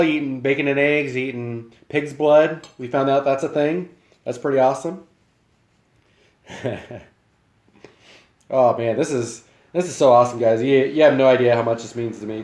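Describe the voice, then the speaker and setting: A man's voice: mid-range voice, a little fast, darkish tone, reverberant. A young man chatting casually with his live-stream viewers from his home kitchen, rambling and friendly, sometimes talking with his mouth full.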